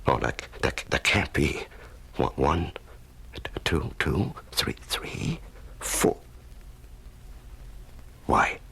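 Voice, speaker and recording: An actor playing a male prisoner broken by long isolation, stammering and trembling as he talks softly, in an old radio drama. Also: extremely low pitch, very animated, extremely slow, creaky, long pauses, husky, heavily acted. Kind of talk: 1970s radio drama acting.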